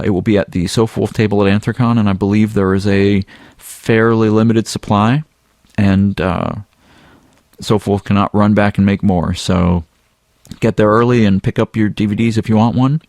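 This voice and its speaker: Guy hosting a podcast, lowish voice, easygoing and rambly, dry close sound. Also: normal speed, no room sound. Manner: relaxed, chatty, frequent ums and uhs. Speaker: podcast co-host. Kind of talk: casual podcast chat.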